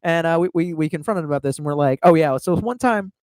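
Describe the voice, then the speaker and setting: A man's voice: on the high side, expressive, quick pace, dry recording. Profane rambling livestreamer man. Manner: profane, rambling, laughs at own tangents. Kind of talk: rambling storytelling.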